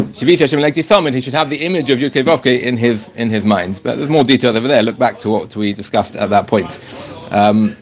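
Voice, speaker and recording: A man teaching a Torah class, reading Hebrew passages slowly and then explaining them in English, with frequent stops and restarts. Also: mid-range voice.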